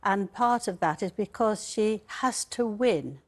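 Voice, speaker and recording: A woman's voice: mid-range voice, expressive, unhurried, darkish tone. A woman royal commentator and biographer speaking firmly and emphatically in a TV panel debate. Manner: firm, emphatic.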